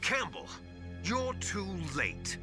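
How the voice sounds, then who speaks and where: A taunting villain. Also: male voice, high voice, huge pitch swings, takes it slowly, exaggerated voice. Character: scheming villainous male soldier, mocking. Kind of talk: video game cutscene acting. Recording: game audio with music.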